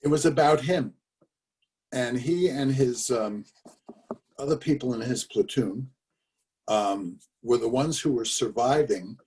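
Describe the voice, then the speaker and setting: Older man, mid-pitched, earnest storyteller, speaking a little off-mic on a video call. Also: a little mellow, recorded from a distance. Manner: conversational storyteller with fillers and emphatic repetitions. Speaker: speaker telling his father's story.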